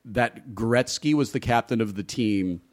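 A man's voice: mid-range voice, a little slow. A middle-aged man telling stories in casual chat, candid and profane, laughing often. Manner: candid storyteller, swears freely, laughs often.

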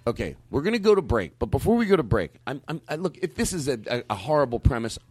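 A man's voice: medium pitch, big pitch swings, quick pace, a little mellow, no room sound. A man hosting a comedy show, brash and cursing in loose, stop-start banter. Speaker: comedy podcast host.

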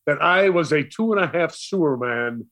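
Older New York man, animated storyteller. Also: fairly high pitch, moderate pace. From Brooklyn, New York. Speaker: radio DJ guest. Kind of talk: storytelling interview.

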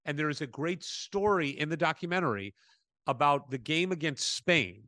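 A man co-hosting a podcast, chatting casually and telling animated stories with acted-out quotes. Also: a little high, moderate pace, no echo. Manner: animated storyteller, acts out quotes. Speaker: podcast co-host. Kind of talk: casual chat.

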